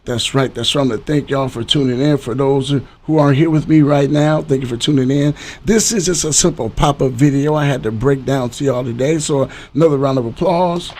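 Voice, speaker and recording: A man's voice: mid-range voice, a little fast, few pauses, a little mellow. A man hosting a livestream podcast, talking casually and loosely to his audience, repeating himself and hyping up viewers. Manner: loose and rambling, repeats words, hypes up the audience. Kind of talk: casual talk to a live stream audience.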